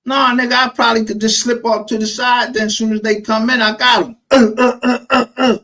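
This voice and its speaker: On a low-quality recording, a very high-pitched man with a Texas accent talks briskly as he tells stories in casual chat. His delivery is animated and profane, thick with street slang, and he acts out what others said.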